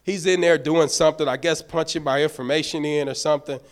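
A man serving as a deacon, preaching a sermon in a church. He tells a folksy personal story in an animated way and speaks straight to the congregation. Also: fairly high pitch, fast talker. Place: church sanctuary.

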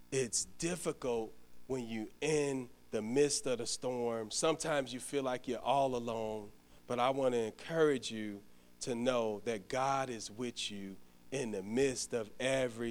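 A middle-aged man, a deacon preaching a sermon, telling a personal story and then praying, his voice building to loud emphatic peaks. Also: mid-range voice. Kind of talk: sermon with story and closing prayer.

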